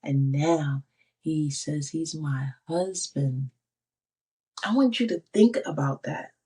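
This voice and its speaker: A woman's voice: sits low, slow, mellow, slightly rough. A middle-aged woman giving a personal faith testimony, emphatic and repeating her phrases. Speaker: faith speaker.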